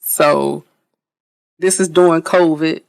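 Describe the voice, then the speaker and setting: A woman guest on a podcast telling an animated, blunt story with swearing, often repeating herself and restarting sentences. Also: low voice, slow pace, vocal fry, no room sound. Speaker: interview guest.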